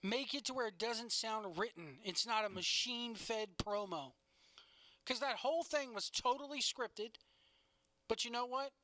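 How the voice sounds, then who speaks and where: A man's voice: very high voice, a little slow, sharp tone, dry recording. A man co-hosting a casual podcast, ranting bluntly with plenty of swearing. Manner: blunt, profane, opinionated rants. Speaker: podcast co-host. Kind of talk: casual wrestling chat.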